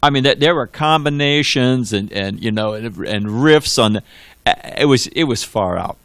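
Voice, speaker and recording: A man's voice: medium pitch, lively intonation, moderate pace, a bit bright, clean tone, no echo. A man giving a scripture class in a conversational, digressive storytelling manner, full of restarts and asides. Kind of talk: sermon. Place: temple hall.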